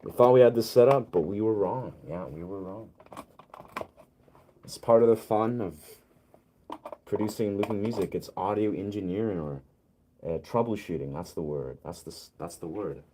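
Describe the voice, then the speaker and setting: A man's voice: fairly low pitch, normal speed, warm tone, slight background noise. A man streaming as a music producer, talking casually to himself and his chat while troubleshooting his setup.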